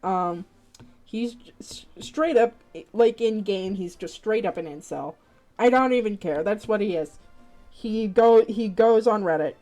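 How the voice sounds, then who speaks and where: A woman's voice: mid-range voice, a little slow, mellow, soft background music. A woman streamer chatting casually on a live stream, rambling, swearing freely and laughing often.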